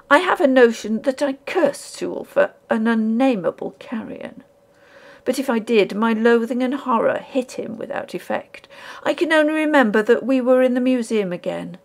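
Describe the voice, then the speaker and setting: A woman narrating a ghost story audiobook in a measured, dramatic storytelling manner. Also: a little high, a little mellow.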